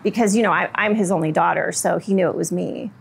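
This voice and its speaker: A middle-aged woman telling her personal story in an interview, soft-spoken and reflective, with frequent fillers. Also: fairly low pitch, fast talker, creaky, a little hiss or hum.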